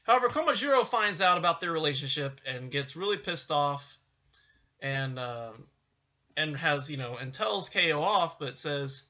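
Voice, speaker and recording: A man's voice: a little high, animated, moderate pace, bright, forceful tone. A man casually recapping a film's plot, rambling with many fillers and restarts. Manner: rambling, full of "you know" and restarts. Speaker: film reviewer. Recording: dull lo-fi sound.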